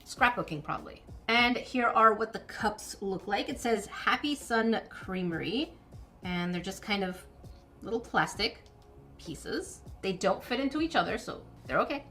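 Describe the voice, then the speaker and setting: A woman's voice: medium pitch, expressive, unhurried, bright, forceful tone, soft background music. A woman chatting playfully through an unboxing of miniature food kits, sometimes mock-indignant. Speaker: miniature crafting vlogger. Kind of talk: unboxing voice-over.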